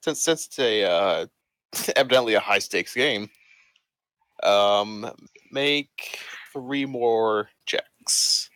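Man, game master, casual, low bright voice, dry sound. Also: drawn-out words, dry recording. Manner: casual with fillers and laughs. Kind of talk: narrating a tabletop game.

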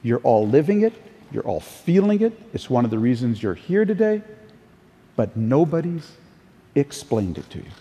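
A man's voice: mid-range voice, very animated, moderate pace, mellow. An older man giving a conference keynote, telling anecdotes in a storytelling way with occasional restarts. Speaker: keynote speaker. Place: large conference hall. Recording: distant, echoey hall sound.

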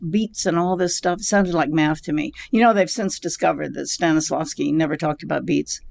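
Gravelly older woman telling stories. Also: low-pitched, fairly quick. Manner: animated, laughing storyteller. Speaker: actress guest. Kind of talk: casual storytelling interview.

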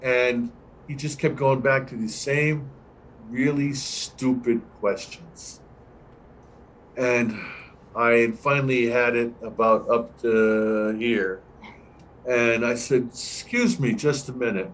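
A man's voice: medium pitch, slow, rough recording. Older guy on a video call telling a set story, laid-back, does the voices, bit of background hiss. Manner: relaxed anecdotal storyteller, acts out quoted dialogue. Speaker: guest, veteran camera assistant. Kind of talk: storytelling in an online Q&A.

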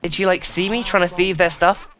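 A man giving excitable, sweary commentary while playing a video game. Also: fairly quick. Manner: excitable, swears a lot, jumps in pitch. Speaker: gaming YouTuber. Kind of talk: casual let's play commentary.

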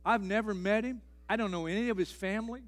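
A middle-aged man preaches a sermon in a church with a notably high voice for a man. He hammers home phrases by repeating them. His delivery rises to near-shouts and then drops to a hush. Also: quick pace. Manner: emphatic, repeating key phrases, swings between loud and hushed. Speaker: pastor. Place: church sanctuary.

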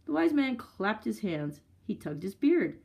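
A woman leading a library story time, reading a picture book aloud to children with expressive storytelling and chatty asides. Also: medium pitch, measured pace, rough recording.

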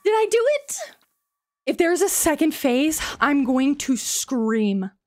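A young woman with a high voice gives live commentary while streaming a game. Her talk is slow and drawn out, and she is emotional, with frequent pleading, exclaiming and swearing. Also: big pitch swings, darkish tone, no echo, clean studio sound.

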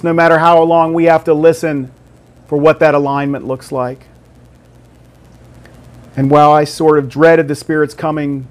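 A pastor in his fifties or older preaching a sermon earnestly, dropping to hushed prayerful tones at times. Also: a little high.

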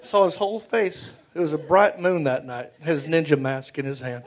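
A man's voice: normal speed, hardly any pauses. A male stand-up comedian, telling a story animatedly and jumping into character voices. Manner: animated, acts out characters with big pitch jumps. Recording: live comedy club with crowd. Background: audience laughter.

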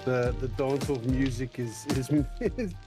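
A mid-pitched man on a gaming stream, jokey and easygoing, reading messages aloud between stammers and laughs. Game music plays clearly behind him. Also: fairly even intonation, a little slow. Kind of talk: casual multiplayer gaming chat.

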